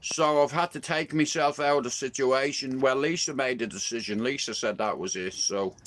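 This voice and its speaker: A man's voice: mid-range voice, normal speed, fairly bright tone. An Irish man in his young adult years, talking bluntly and emotionally, with plenty of swearing, on a rambling live stream from a garden shed.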